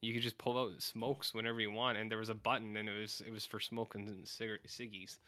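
A man's voice: fairly low pitch, flat delivery, fairly quick, pushed and bright, no echo. A man from Canada co-hosting a podcast in casual, rambling chat, full of "like" and filler. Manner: rambling, filler-heavy, acts out silly voices. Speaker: podcast co-host.

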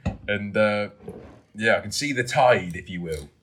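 A man's voice: lowish voice, moderate pace, a bit bright, husky. A man co-hosting a beer review, easygoing and musing over flavours in casual chat.

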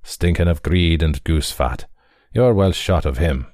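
Man doing a gruff old hound spirit, deep voice, blunt, dry close sound, audiobook. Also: measured pace, darkish tone, no room sound.

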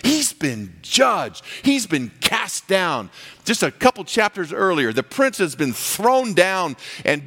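A man preaching a sermon as pastor, animated and acting out the voices he quotes. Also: sits high, slow pace, slightly rough, big-room sound.

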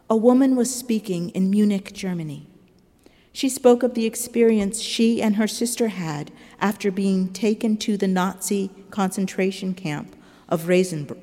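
Woman preacher, measured and earnest sermon delivery, warm low voice, long church reverb. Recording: long reverb of a large hall.

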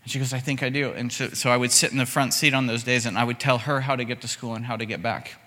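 Bright-voiced man preaching in a reverberant hall. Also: medium pitch, fast. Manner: conversational storytelling with lively voiced quotes. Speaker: pastor. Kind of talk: sermon.

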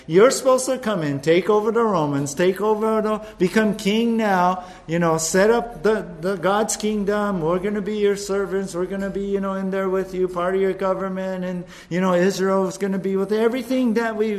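A man's voice: high-pitched, lightly acted. A man doing a protesting, anxious disciple.

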